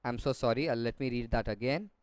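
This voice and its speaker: A man's voice: mid-range voice, fast, clean tone, no echo. A male teacher who reads a textbook story aloud and explains it step by step, rereading lines after slips.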